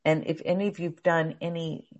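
A middle-aged woman teaching a class on calming anxiety, explaining step by step and acting out anxious thoughts. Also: low voice, normal speed, dull audio.

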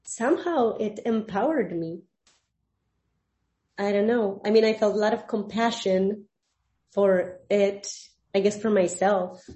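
A workshop participant sharing a personal experience with the group, hesitant and searching for words. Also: female voice, medium pitch, a little slow, long pauses, mellow.

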